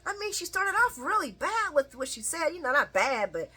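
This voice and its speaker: A woman casually recapping a soap opera episode, chatty and animated, laughing often as she retells scenes. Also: high voice, normal speed.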